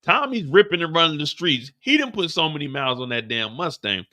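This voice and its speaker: Animated profane man recapping a show. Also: on the high side, fairly quick. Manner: animated, profane storytelling with acted-out quotes. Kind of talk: casual episode recap.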